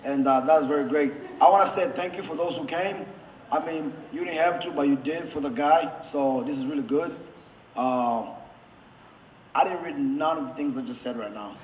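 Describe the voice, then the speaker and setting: A man giving a best man's toast, choked up and holding back tears, halting with many fillers and restarts. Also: on the high side. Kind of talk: wedding toast. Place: wedding reception hall. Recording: echoey reception hall with faint background noise.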